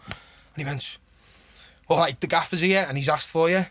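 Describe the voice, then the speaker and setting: A Liverpool man with a Liverpool accent, appearing as a podcast guest, tells rambling, animated stories in casual conversation, packed with "like," "you know what I mean," and swearing. His voice sits on the high side and moves a little fast.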